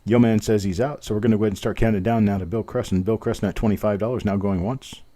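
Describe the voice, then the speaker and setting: A man's voice: on the low side, steady tone, fast talker, mellow. A man hosting a live online coin auction, calling bids in a rhythmic patter and joking about himself between lots. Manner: chatty, self-deprecating, rhythmic bid calling. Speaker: auctioneer host.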